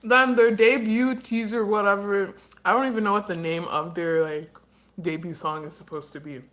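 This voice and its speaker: A woman hosts a loose livestream chat, airing strong opinions in a rambling, offhand way. She talks while eating, and her voice sits at an ordinary middle pitch. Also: fairly even intonation, moderate pace, fairly bright tone. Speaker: livestream host.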